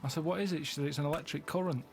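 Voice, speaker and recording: A man, a radio show regular telling rambling stories in deadpan casual banter. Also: on the high side, racing, gravelly, over music.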